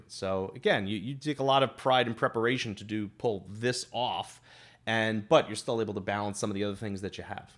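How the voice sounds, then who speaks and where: A middle-aged man, a guest entrepreneur, answering interview questions in a casual, animated, advice-giving way with frequent restarts. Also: fairly low pitch.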